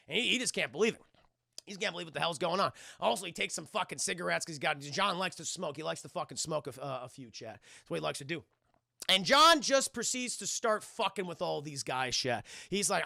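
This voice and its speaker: A man's voice: high-pitched, big pitch swings, fairly quick, vocal fry, sharp tone, dry recording, clean studio sound. A man streaming a casual scene-by-scene film recap, profane and rambling, who keeps turning to talk to his live chat.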